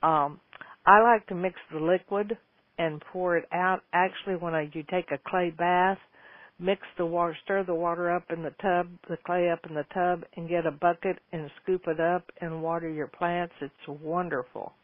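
Male host, folksy and rambling, slightly high voice, dry and phone-thin sound. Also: steady tone, normal speed, no room sound. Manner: folksy, rambling, with frequent restarts. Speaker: host answering listener questions. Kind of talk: casual gardening advice talk. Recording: tinny phone-like line, dry.

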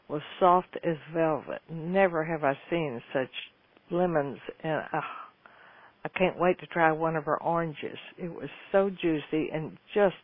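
A man's voice: on the high side, no room sound. A man hosting a show, giving casual gardening advice to listener questions in a folksy, rambling way, often restarting his sentences. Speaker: host answering listener questions. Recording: tinny phone-like line, dry.

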